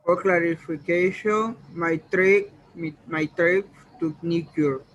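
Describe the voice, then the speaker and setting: A male student whose first language is Spanish reading English sentences aloud haltingly in class. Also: fairly high pitch, steady tone, a bit bright, muffled recording.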